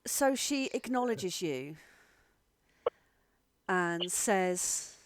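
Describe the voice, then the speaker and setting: A woman's voice: on the low side, animated, drawn-out words, dry recording, clean studio sound. A woman narrating a tabletop game as game master, describing scenes and chatting casually over an online call.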